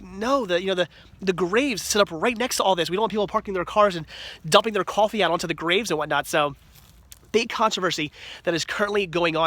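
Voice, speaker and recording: A man's voice: sits high, bright, forceful tone. A man vlogging casually, walking through a cemetery and then a video rental store, gushing with enthusiasm over what he finds. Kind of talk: casual vlog narration.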